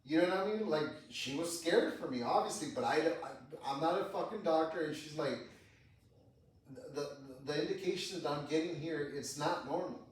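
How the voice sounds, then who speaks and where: A man's voice: on the high side, moderate pace. A man casually telling a personal story on a podcast, swearing a lot and acting out the dialogue. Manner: profane, animated retelling with quoted dialogue. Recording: echoey room, distant mic.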